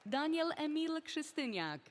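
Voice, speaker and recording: A woman reading out graduates' names one by one at a commencement ceremony, careful and deliberate. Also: high-pitched, big pitch swings. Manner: slow, careful name reading. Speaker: commencement name reader. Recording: crowd and noise of a large ceremony.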